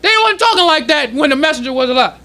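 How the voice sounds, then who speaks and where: A man preaches to his congregation in a strikingly high voice. His tone is bright and sharp, and his delivery is loose and conversational. He slows down deliberately whenever he reads a passage aloud. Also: big pitch swings. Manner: preaching in casual street-level speech, slowing to read quoted passages. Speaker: minister. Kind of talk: sermon teaching. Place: temple congregation hall.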